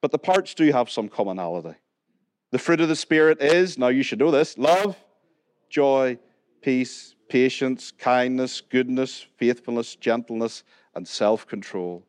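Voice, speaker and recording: A man's voice: medium pitch, animated, a little slow, darkish tone, no room sound, studio quality. A man with a Northern Irish accent preaching a sermon in a conversational way, putting questions to the congregation and joking now and then. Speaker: pastor. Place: church hall.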